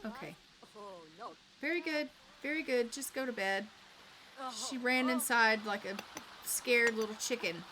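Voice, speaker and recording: A woman's voice: a little high, a little slow, pauses often, noisy background. A woman hosting casual gameplay commentary, chatty and full of fillers like "like" and "um". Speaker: gaming channel host. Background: faint game music.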